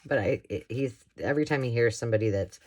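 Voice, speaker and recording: A woman's voice: extremely low pitch, quick pace, darkish tone. A woman talks casually while she crafts, rambling from one thought to the next. She laughs often and keeps a loose, conversational flow. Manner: chatty, rambling, with frequent laughs. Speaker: craft vlogger.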